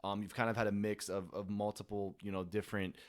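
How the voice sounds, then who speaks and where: A man hosting a podcast, asking long, halting questions full of fillers and restarts. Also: fairly low pitch, level tone. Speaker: podcast host. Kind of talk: interview questions.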